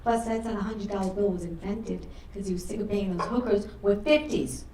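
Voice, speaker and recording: A middle-aged woman performing a crude stand-up comedy set on a club stage, delivering brash deadpan punchlines. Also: mid-range voice, a little fast, distant mic, noisy background. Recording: roomy club sound from afar, audience laughter.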